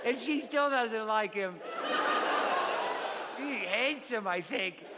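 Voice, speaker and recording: A naive little kid reading his beloved picture book aloud in a high, sing-song voice, as a male comic puts him on. The room rings with a long reverb, and a loud, laughing crowd sits behind him. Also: takes it slowly. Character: small child earnestly reading his favorite picture book. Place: comedy club stage. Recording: reverberant live club with crowd noise. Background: audience laughter.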